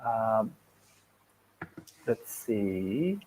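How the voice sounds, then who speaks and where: A man chatting casually as an English teacher, upbeat and patient, laughing often and explaining things slowly. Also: lowish voice, big pitch swings, darkish tone, a little hiss or hum. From foreign, living in Cambodia. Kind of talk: casual live-stream chat.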